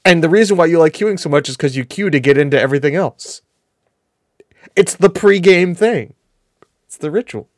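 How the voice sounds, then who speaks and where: A man's voice: on the high side, expressive, moderate pace, pauses often, dry recording, clean studio sound. A man with a New England accent hosting a podcast in casual, rambling chat, laughing at himself. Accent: New England American. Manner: rambling, laughing, self-deprecating.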